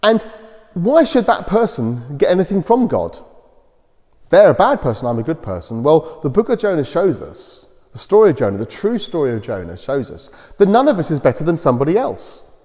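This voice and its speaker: A man giving a children's talk at church, retelling a Bible story in simple, animated storytelling style. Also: a little high, fairly quick. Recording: long church reverb.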